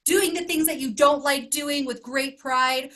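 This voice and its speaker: A woman's voice: sits high, fairly even intonation, unhurried, fairly bright tone. A woman life coach giving an emotional motivational talk to her group, earnest and emphatic, asking question after question. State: emotional, close to tears.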